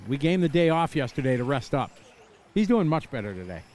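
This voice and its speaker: A middle-aged man doing live play-by-play commentary at an outdoor racetrack. He is chatty and excitable, laughing and shouting out crashes as they happen. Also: medium pitch, quick pace. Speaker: race commentator.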